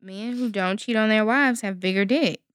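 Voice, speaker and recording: A woman's voice: mid-range voice, normal speed, a bit bright, clear, resonant tone, no echo, clean studio sound. A woman co-hosting a podcast, joking and teasing with profanity in casual chat. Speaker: podcast co-host.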